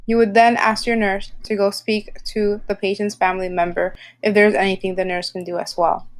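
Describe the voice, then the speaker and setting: A woman narrating a healthcare training lesson in a calm, measured, explanatory way. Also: mid-range voice. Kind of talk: scripted instructional narration.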